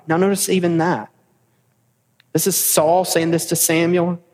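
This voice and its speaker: A man with a fairly high voice preaches a sermon to his church. He presses the congregation with rhetorical questions and then drifts into casual personal asides. His voice rings with a long hall reverb. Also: flat delivery, moderate pace, pauses often, darkish tone. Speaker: pastor. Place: church sanctuary.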